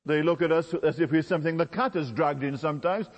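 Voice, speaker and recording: A man's voice: fast, muffled recording. Emphatic male preacher in a reverberant hall. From Britain. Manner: emphatic, with sweeping pitch swings. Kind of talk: sermon.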